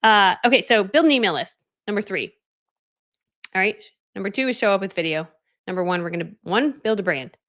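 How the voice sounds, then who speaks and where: An online business coach with a mid-range, slightly bright voice talks a little fast and with plenty of animation. She guides viewers through a casual live stream, bubbly and chatty, laughing often and slipping into whispered asides.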